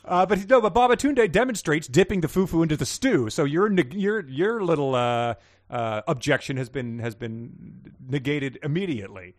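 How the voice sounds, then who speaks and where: A man's voice: fairly high pitch, animated, moderate pace. A man co-hosting a comedy podcast, rambling and joking as he riffs on a book, laughing often. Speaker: podcast co-host. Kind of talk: casual comedic riffing on a book.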